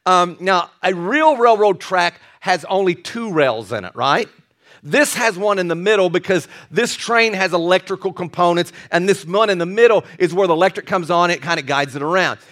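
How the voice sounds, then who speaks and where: A man's voice: high voice, lively intonation, moderate pace, fairly bright tone. An older man preaching a sermon in a folksy, joking way, often restarting his sentences. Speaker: pastor.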